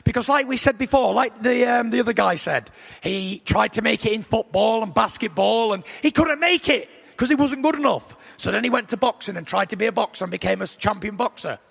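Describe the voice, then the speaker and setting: A young adult man, a boxer trash-talking at a press conference, boastful and taunting, with a gravelly voice. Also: sits high, fairly quick, fairly bright tone. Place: large packed press conference hall. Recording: echoey large hall.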